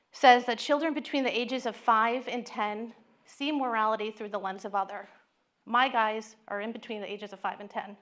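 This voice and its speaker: A middle-aged woman, a psychologist, giving a talk with candid, animated storytelling. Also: a little high.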